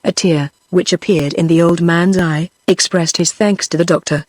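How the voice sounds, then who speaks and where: A text-to-speech woman's voice with a British accent, reading a classic novel aloud in an even, measured way. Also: on the low side, no room sound. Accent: British English. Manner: even, measured reading of dialogue and narration alike. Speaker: narrator. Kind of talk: synthetic audiobook narration.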